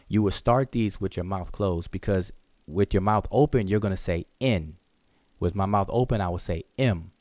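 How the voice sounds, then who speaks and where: A man with a very low, deep voice teaches in a live online question-and-answer lesson. He explains step by step, often repeating and restarting words as he sounds out examples. The sound is dry and close to the mic. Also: darkish tone, dry recording. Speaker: hieroglyphics teacher.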